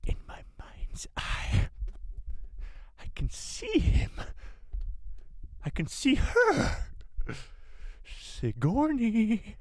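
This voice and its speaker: A man putting on the voice of a menacing male Sith villain, hushed and whispery, then yelling, with his pitch pushed high. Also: huge pitch swings, extremely slow, pauses often, no echo, clean studio sound, heavily acted.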